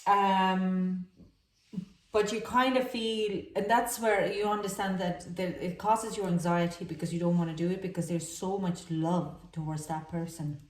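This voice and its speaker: Halting, emotional woman reading tarot, echoey room. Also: fairly low pitch, steady tone, distant mic. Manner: halting, emotional, many fillers and restarts. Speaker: tarot reader. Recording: echoey room, voice a little off-mic.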